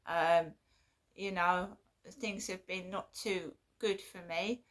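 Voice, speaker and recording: A woman vlogging in a casual monologue, halting and repeating herself with an aggrieved tone. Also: fairly low pitch, steady tone, fairly bright tone.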